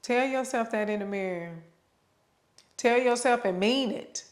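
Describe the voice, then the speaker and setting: With a voice on the high side and an unhurried delivery, a mother offers an unscripted, preachy motivational talk. She addresses the listener directly, drawing out her words and repeating them for emphasis.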